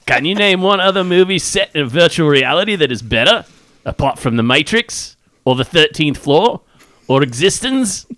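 A man's voice: fairly high pitch, animated, moderate pace, a bit bright, voice pushed up. A man doing a hammy put-on Australian accent. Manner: hammy, breaking into laughs.

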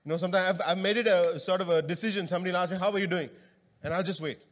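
The preacher here is a man with a high voice, fairly even intonation, and rapid-fire delivery. Standing in a church hall with long reverb, he talks casually and engages the congregation with questions.

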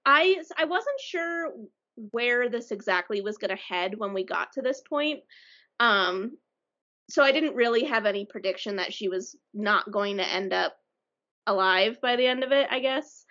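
A woman's voice: fairly high pitch, lively intonation, unhurried, bright, forceful tone, muffled recording. A woman in a casual book discussion who talks hesitantly, with restarts and dry humor.

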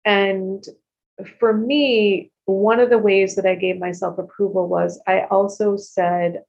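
A woman in her fifties sharing her recovery story frankly and expressively, with casual swearing and quick asides. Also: medium pitch, fairly even intonation, creaky, darkish tone. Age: 50s. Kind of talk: candid personal testimony. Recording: dull lo-fi recording.

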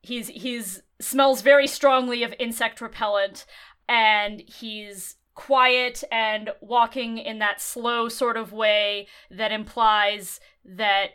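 A woman in a tabletop game chats easily, with hesitant fillers. Her voice is somewhat high, bright and smooth. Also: steady tone, slow pace. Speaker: player. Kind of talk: casual game chat.

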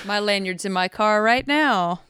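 A woman's voice: mid-range voice, unhurried, pushed and bright, clean tone, no room sound, clean studio sound. Snarky, cranky woman podcast guest. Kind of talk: casual podcast chat.

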